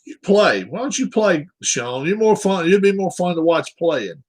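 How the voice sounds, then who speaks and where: A man's voice: high voice, lively intonation, normal speed, poor audio. A man hosting a live stream, chatting casually with his viewers in a rambling way while setting up a game.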